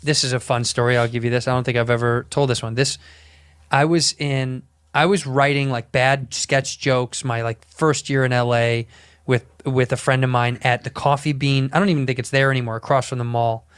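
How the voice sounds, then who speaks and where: Smooth-voiced man rambling through a story. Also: medium pitch, steady tone, normal speed. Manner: rambling, profane, self-interrupting. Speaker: podcast storyteller. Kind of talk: casual chat storytelling.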